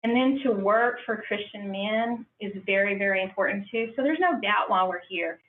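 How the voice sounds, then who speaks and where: At a business conference, a middle-aged woman who owns a franchise shares her personal testimony, emotional and earnest, voicing the quoted lines as she tells it. She speaks at medium pitch and normal speed, sounding distant in a roomy hall with a thin, phone-like tone and faint hiss.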